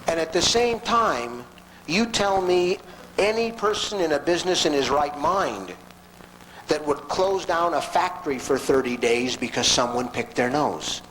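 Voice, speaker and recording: A man giving a storytelling lecture to an audience in a folksy, animated way with frequent asides. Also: on the high side, a little slow, a little hiss or hum, poor audio.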